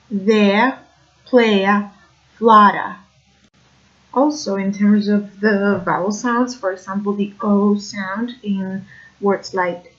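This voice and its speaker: Woman, accent lesson, slow unhurried delivery, hesitant with fillers, slightly dull recording. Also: medium pitch. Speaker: accent coach. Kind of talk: explanatory video lesson.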